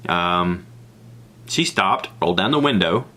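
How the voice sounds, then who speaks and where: Southern guy rambling thru a story on his podcast, lowish voice but bright and forward, jumps way up high when he mimics folks. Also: unhurried. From American South. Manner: rambling, animated, acts out others' lines in a high voice. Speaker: podcast host. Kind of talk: casual solo storytelling.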